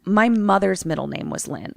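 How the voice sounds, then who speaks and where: A woman quoting a calm, gentle priest. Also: medium pitch, normal speed, creaky, dry recording, clean studio sound. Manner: soft and composed. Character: calm, gentle middle-aged male priest.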